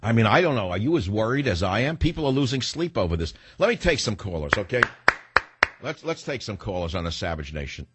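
A man's voice: lowish voice, very animated, fast talker, a little hiss or hum. A man hosting a talk radio show, firing off sarcastic rhetorical questions in a combative monologue and taking calls.

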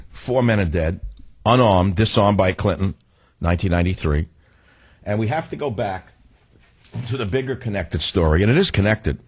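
A man's voice: low voice, husky, no echo. Sarcastic older male talk radio host. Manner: sarcastic, combative, rambling. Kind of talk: political talk radio monologue.

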